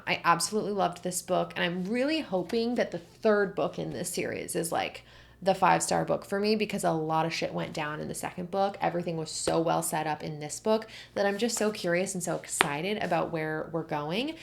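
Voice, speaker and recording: A young woman talks through her recent reads in a relaxed, gushing way, leaning on "like" and repeated praise. Her voice sits fairly low for a woman and carries a gravelly fry at the ends of phrases. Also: brisk. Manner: gushing, animated, filler-heavy. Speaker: book vlogger. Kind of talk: casual book review chat.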